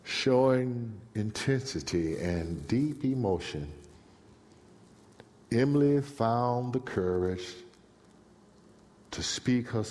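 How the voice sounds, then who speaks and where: Slow, dramatic male preacher in a reverberant hall. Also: fairly low pitch. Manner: dramatic, swinging from hushed to shouting. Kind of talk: sermon storytelling. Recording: long reverb in a large hall.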